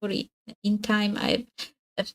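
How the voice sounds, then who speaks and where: A young adult woman, a native Hungarian speaker, chatting casually on a live stream, giggly and hesitant with many fillers and restarts, her voice slightly husky. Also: mid-range voice, big pitch swings, a little slow, low-quality recording.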